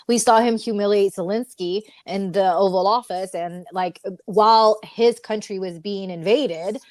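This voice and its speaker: A young woman talks politics in a loose, opinionated chat full of fillers and restarts. Her voice sits at a middle pitch, recorded close and dry with no room sound. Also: dry recording.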